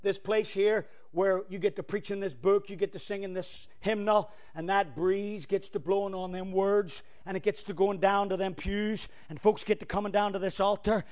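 A man's voice: high voice, steady tone, normal speed, hardly any pauses. Fiery preacher man. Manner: fiery, swings from loud to hushed. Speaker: pastor. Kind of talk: sermon.

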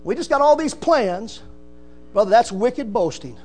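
Preacher guy, really high voice, loud emphatic sermon, mains hum in the back. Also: lively intonation, a little slow. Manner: emphatic preaching with rising shouts and "amen" calls.

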